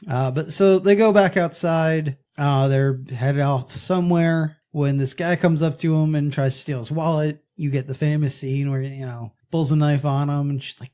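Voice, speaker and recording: A man's voice: mid-range voice, steady tone, moderate pace, hardly any pauses, warm tone. Man casually recapping a movie. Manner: recaps plot with wry jokes. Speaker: podcast co-host.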